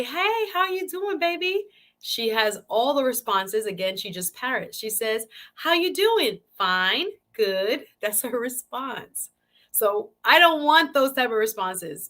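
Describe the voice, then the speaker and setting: A woman's voice: mid-range voice, bright, forceful tone. A woman hosting her own live-stream talk show, chatting casually and animatedly with viewers and often repeating phrases. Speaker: show host.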